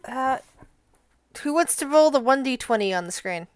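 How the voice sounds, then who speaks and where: A woman's voice: sits high, animated, normal speed, a little hiss or hum. A woman game master narrating a tabletop game, sometimes searching for words.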